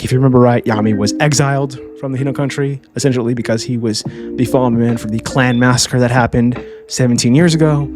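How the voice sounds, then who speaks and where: A man's voice: mid-range voice, fairly even intonation, fast talker. A man casually recapping an anime for his channel, chatty, and often adding "all right?" as a tag. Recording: clear background music.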